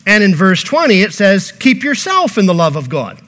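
A man's voice: high-pitched, sing-song, moderate pace, fairly bright tone. A pastor preaching a sermon, earnest and repeating key phrases, posing rhetorical questions to his congregation.

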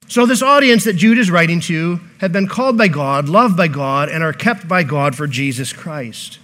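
A man's voice: a little high, moderate pace, hardly any pauses, fairly bright tone. A pastor preaching a sermon, earnest and repeating key phrases, posing rhetorical questions to his congregation.

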